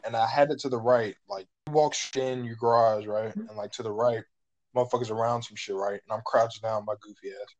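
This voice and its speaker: A man's voice: mid-range voice, fairly even intonation, brisk, poor audio. Profane young man telling stories. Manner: profane, rambling storytelling. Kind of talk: casual chat.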